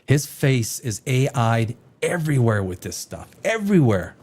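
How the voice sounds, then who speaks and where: A man's voice: medium pitch, very animated, a little slow, darkish tone, husky. A man hosting a live stream, reacting to headlines with sarcastic, rambling casual commentary.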